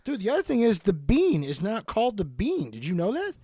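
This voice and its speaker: A man from the Chicago area co-hosting a casual podcast, swearing freely in lively banter. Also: high voice, fairly quick, slightly rough, dry recording, clean studio sound. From Chicago area, Illinois. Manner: profane, animated banter. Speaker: podcast co-host. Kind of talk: casual chat.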